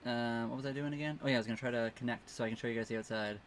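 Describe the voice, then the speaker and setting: A man's voice: medium pitch, steady tone, very fast, slight background noise. A man from Canada co-hosting a casual live stream from a small sailboat docked in a marina, chatting easily and thanking viewers by name. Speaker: livestream co-host. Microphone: phone camera.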